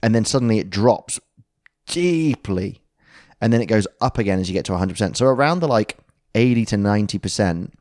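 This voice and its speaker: A man's voice: fairly low pitch, lively intonation, brisk, a little mellow, no echo, clean studio sound. A man co-hosting a podcast, explaining a concept in casual chat, rambling and correcting himself with jokes along the way. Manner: jokey, rambling, self-correcting. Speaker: podcast co-host.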